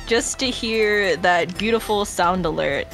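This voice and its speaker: A young woman chatting casually as a guest streamer while playing a game, excitable and quick to laugh and shriek. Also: mid-range voice. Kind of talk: casual gameplay chat. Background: game music.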